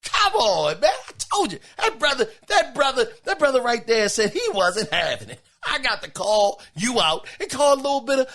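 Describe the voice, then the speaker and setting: A middle-aged man hosting a podcast, reacting to listener emails in an emphatic, exclaiming, animated way. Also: extremely high pitch, moderate pace, hardly any pauses. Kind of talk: casual podcast commentary.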